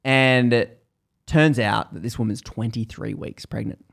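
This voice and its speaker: A man's voice: mid-range voice, steady tone, unhurried, creaky, fairly bright tone. A man casually retelling a story to a co-host, chatty and full of fillers.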